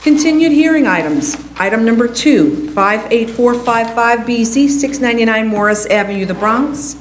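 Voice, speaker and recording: A woman clerk opening a public hearing and calling agenda items and roll-call votes in a measured, formal way. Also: fairly high pitch, expressive. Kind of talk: formal procedural announcements. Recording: echoey hearing room with faint noise.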